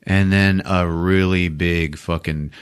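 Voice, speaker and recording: A man hosting a podcast, retelling a movie in a profane, animated way. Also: low-pitched, slow pace, smooth. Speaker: podcast host. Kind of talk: casual movie recap. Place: podcast studio.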